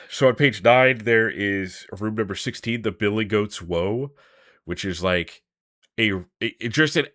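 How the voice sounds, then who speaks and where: A man's voice: on the low side, fairly bright tone, dry recording, clean studio sound. A man hosting a podcast, chatting casually about a tabletop adventure, rambling with fillers and restarts and laughing easily. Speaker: podcast host. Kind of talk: casual tabletop game discussion.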